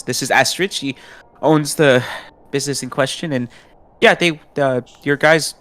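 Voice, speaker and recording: A man's voice: mid-range voice, a bit bright. A man playing a tabletop game, talking in character with hesitant, stumbling speech. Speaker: player. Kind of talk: casual in-character talk at a game.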